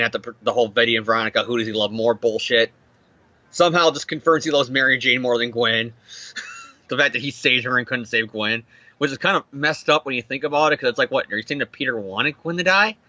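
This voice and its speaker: A young man recapping a comic book issue in casual chat, animated and swearing as he acts out the characters. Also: mid-range voice, a little fast, no room sound, muffled recording. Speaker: comic podcast co-host.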